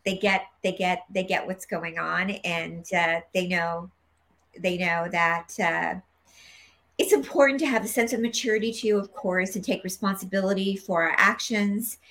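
A woman guest in an interview, an animated storyteller who acts out the dialogue she quotes. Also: fairly low pitch, normal speed. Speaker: guest, medical intuitive healer.

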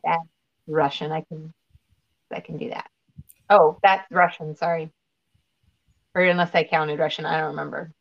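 A woman actress chatting as an interview guest, talking in an animated, storytelling way. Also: sits low, moderate pace, gravelly, pauses often, dull audio. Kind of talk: casual interview chat.

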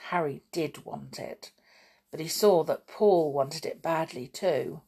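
A woman reads a children's story aloud in a gentle, expressive way. Her voice sits on the low side with a breathy, husky grain. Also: slow.

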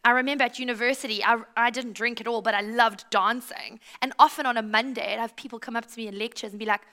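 High bright-voiced lady preaching live in church, chatty and storytelling, acts out the bits. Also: fast. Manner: animated storytelling with acted-out quotes. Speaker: pastor. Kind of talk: conversational sermon.

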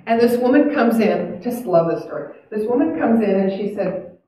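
A woman's voice: on the high side, lively intonation, normal speed, mellow. A woman giving a spiritual talk to a live audience, earnest and chatty, reflective by turns. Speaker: spiritual speaker. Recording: echoey hall, heard from a distance.

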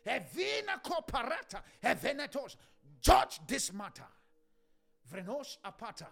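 High, gravelly man in fervent prayer. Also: huge pitch swings, unhurried. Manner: chanting, shouting prayer with bursts of tongues. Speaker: pastor. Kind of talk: fervent prayer sermon with tongues.

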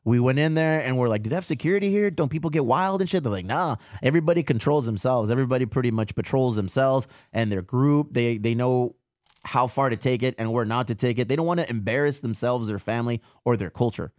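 A man's voice: mid-range voice, fairly quick, dry recording, studio quality. A man, co-hosting a podcast and telling stories in a casual, profane way. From United States. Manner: profane, animated storytelling. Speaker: podcast co-host. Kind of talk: casual chat.

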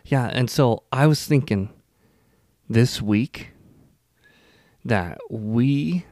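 A man co-hosting a casual podcast chat, easygoing and quick to laugh at his own jokes. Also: mid-range voice, a little mellow, no echo, studio quality. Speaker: podcast co-host.

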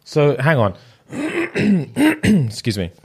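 A man's voice: a little high, extremely slow, husky. A man co-hosting a casual chat, thanking listeners and retelling stories while acting out the people in them. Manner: animated, acts out people in the story. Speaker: podcast co-host.

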